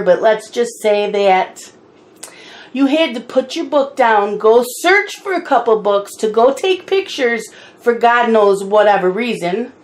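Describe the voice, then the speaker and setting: A middle-aged woman chatting casually while she colors, unhurried, with wry asides and a bout of hiccups. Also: fairly high pitch, darkish tone. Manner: chatty, slow and unhurried, mildly exasperated asides. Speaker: coloring channel host.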